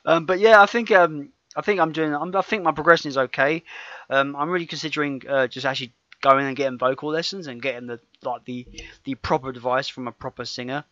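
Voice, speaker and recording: A man's voice: fairly high pitch, steady tone, fast talker, fairly bright tone, dry recording. A man co-hosting a casual podcast, rambling and correcting himself, laughing often. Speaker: podcast co-host. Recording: dull lo-fi sound.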